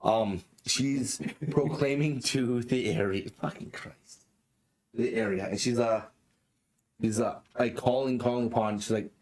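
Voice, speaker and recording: A man narrating as dungeon master for a tabletop game, in an unhurried, casual way with profane asides. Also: mid-range voice, a little mellow.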